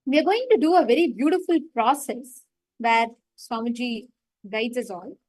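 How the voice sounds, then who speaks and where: A woman's voice: fairly high pitch, moderate pace, darkish tone, no echo, low-quality recording. A woman facilitating a live online meditation session, retelling a story and stressing her points.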